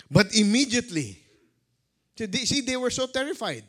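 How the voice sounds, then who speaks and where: A male pastor preaching a sermon, dramatic, swinging between loud calls and hushed words. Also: extremely high pitch, very animated, normal speed.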